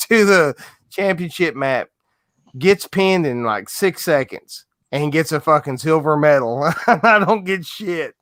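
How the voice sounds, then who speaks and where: A man's voice: fairly high pitch, lively intonation, slow pace, a bit bright, no room sound, clean studio sound. Laughing man swapping gym stories. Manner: laughing, profane, keeps saying right. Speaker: guest. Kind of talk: casual chat.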